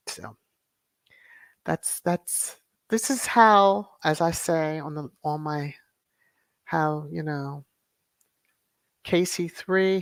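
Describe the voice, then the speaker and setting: A woman's voice: low voice, no echo. A woman hosting a livestream commentary show. She talks emphatically and repeats words for sarcastic stress. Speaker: host of a royal news commentary channel.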